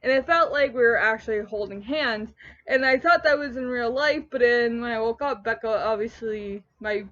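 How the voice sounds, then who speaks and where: A woman's voice: fairly high pitch, normal speed. Rambling young woman, lo-fi home vlog. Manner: rambling, animated, self-interrupting. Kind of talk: casual storytelling vlog. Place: at home on a couch. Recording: dull lo-fi home recording.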